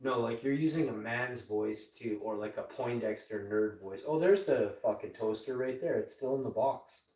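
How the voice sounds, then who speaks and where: A man's voice: mid-range voice, normal speed, hardly any pauses, mellow, roomy sound, distant mic, poor audio. Foul-mouthed man in his forties, off-mic. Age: 40s. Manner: profane, rambling, mocking. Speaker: live streamer. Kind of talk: casual chat with an AI assistant.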